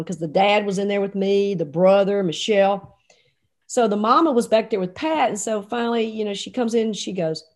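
A woman telling a lively personal story, acting out the voices of the people in it. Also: mid-range voice, brisk. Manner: animated, acts out quoted voices. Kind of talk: casual anecdote.

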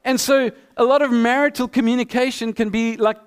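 A middle-aged male pastor preaching a sermon with animated storytelling, acting out both sides of the dialogues. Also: very high-pitched, brisk, clean tone. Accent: non-American.

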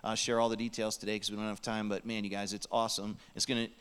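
A man's voice: on the low side, flat delivery, quick pace, fairly bright tone, clear, resonant tone. A man preaching a sermon in a church, earnest and pleading, sometimes dropping to a near whisper. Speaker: pastor. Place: church sanctuary.

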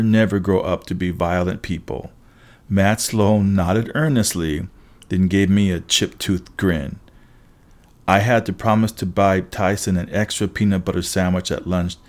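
A man reading a first-person story aloud as an audiobook narrator, steady with wry asides. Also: low voice, measured pace.

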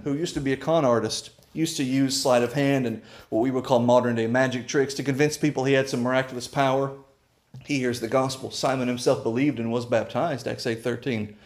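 A man preaching a sermon and telling stories. He drops low and hushed, then rises loud and urgent. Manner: storytelling.

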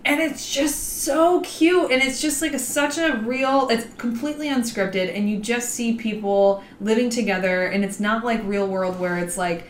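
A woman's voice: medium pitch, normal speed, few pauses. A woman co-hosting a podcast, chatting casually and animatedly, acting out little quotes as she tells stories. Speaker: podcast co-host. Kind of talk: casual chat. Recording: echoey room, faint noise.

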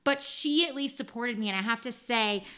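A woman in her thirties, an animated storyteller who laughs often and acts out quotes in casual chat. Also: a little high, normal speed. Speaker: guest sharing her birth story.

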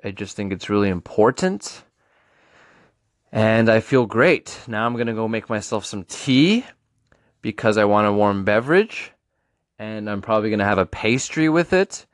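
A man's voice: fairly low pitch, expressive, moderate pace, no room sound, clean studio sound. A man in his twenties hosting his own podcast, talking in a playful, rambling and earnest way. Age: 20s. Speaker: podcast host. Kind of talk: casual solo podcast monologue.

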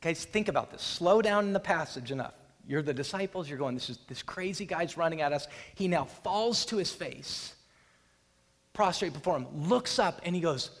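Dramatic high-voiced preacher in a hall. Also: male voice, lively intonation, normal speed. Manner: dramatic, retells the scene and acts out voices. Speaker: pastor. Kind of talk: sermon. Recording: long hall reverb.

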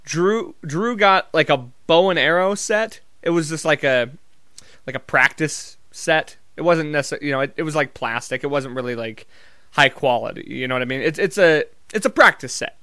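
Smooth-voiced man, rambling profane storytelling. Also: fairly high pitch, moderate pace, sharp tone, no echo, studio quality. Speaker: vlogger. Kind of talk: casual comedic monologue.

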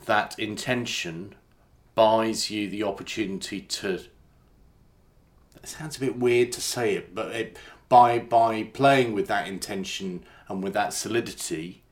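A man's voice: fairly low pitch, unhurried. A man interviewing a musician, talking in a hesitant, self-deprecating way and circling around his point. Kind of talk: conversational interview.

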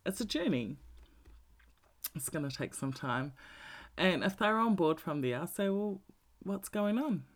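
A man's voice: fairly high pitch, very animated, a little slow, long pauses, fairly bright tone. A man giving a blunt, profane, candid talk about emotional healing, repeating his points for emphasis.

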